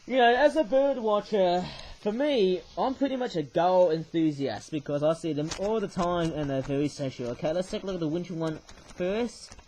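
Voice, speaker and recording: High-voiced rambling man reviewing toys. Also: a little mellow, a little hiss or hum, low-quality recording. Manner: rambling, tags remarks with "I suppose, eh?"; hesitant, many fillers and restarts. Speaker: toy reviewer. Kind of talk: casual toy review talk.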